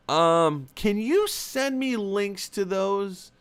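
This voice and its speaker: A man's voice: high-pitched, animated, extremely slow, few pauses, clean tone. A young man hosting a live movie chat, reading out viewer comments and rambling casually with lots of fillers and restarts.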